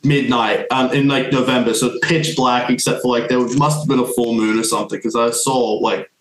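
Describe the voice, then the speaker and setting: A man's voice: medium pitch, fairly even intonation, a little fast. A young man, a podcast guest, telling a long story in casual chat, rambling with many fillers. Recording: echoey room, faint music.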